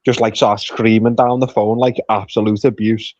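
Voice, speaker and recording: Guest: mid-pitched man, blunt, swearing banter, muffled dry lo-fi line. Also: little pitch movement, normal speed, a little mellow, no room sound. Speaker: podcast guest. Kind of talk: casual podcast chat. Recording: dull dry lo-fi call audio.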